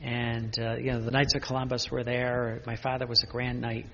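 An older man, a priest, giving an unscripted spiritual talk with personal stories, speaking haltingly with many restarts and fillers. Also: mid-range voice, little pitch movement, fairly bright tone, in a large hall, dull audio, slight background noise.

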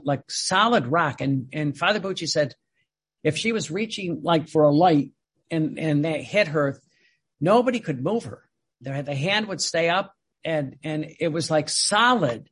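Husky man giving a halting devotional talk. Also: fairly high pitch, fairly bright tone. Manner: halting, many fillers and restarts. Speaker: religious speaker.

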